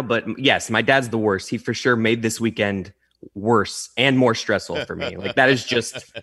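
Halting, emotional young man on a video call. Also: fairly low pitch, bright, forceful tone, slightly rough, no room sound, clean studio sound. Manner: halting, emotional, many restarts. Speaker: guest. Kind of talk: casual chat.

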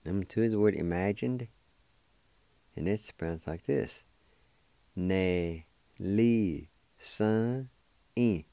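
A man with a lowish voice leads a radio language lesson, taking his time as he spells out each word letter by letter and repeats its pronunciation. The sound is dry and close, with no room echo, as if from a studio microphone. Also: vocal fry, warm tone. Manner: slow, deliberate spelling and pronouncing of words. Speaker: radio host teaching language.

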